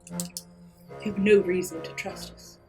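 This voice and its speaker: A player voicing a gentle, soft-spoken healer. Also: mid-range voice, fairly even intonation, faint music behind, natural voice. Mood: compassionate. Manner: soft and measured, fading quieter.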